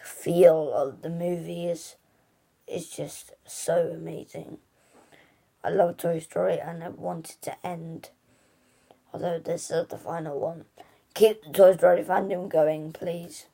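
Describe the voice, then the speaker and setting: Woman reviewer, unhurried and gravelly, gushy rambling delivery full of fillers. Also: fairly low pitch, darkish tone. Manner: gushing and rambling, full of "like" and restarts. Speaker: movie reviewer. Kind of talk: casual spoken film review.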